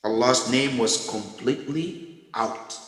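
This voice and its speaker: A man giving a storytelling sermon as a religious lecturer, moving between loud, raised passages and hushed, quiet ones. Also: medium pitch, takes it slowly. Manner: dramatic swings from loud to hushed. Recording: echoey hall with long reverb.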